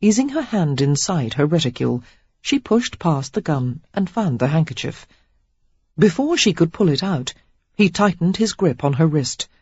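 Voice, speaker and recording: A woman narrating a romance audiobook in an expressive, steady storytelling manner. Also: low voice, normal speed, breathy edge, no room sound, muffled recording. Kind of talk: scripted narration.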